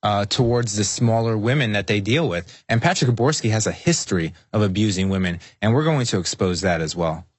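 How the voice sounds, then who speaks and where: A man's voice: on the low side, expressive, a little fast, few pauses, slightly rough, no room sound. A man appearing as a guest on a radio show, speaking in an earnest, indignant way. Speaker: guest activist. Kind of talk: talk radio interview.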